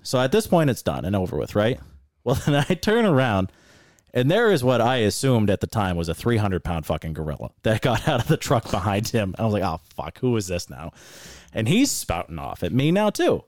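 A man's voice: lowish voice, big pitch swings, fairly quick, darkish tone, dry recording, studio quality. Angry, profane man telling a story. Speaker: podcast co-host. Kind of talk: casual storytelling rant.

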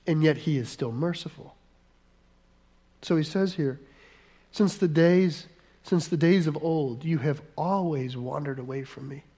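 A man preaching a sermon as pastor, earnest, slowing down for emphasis and acting out quoted voices. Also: fairly high pitch, mellow.

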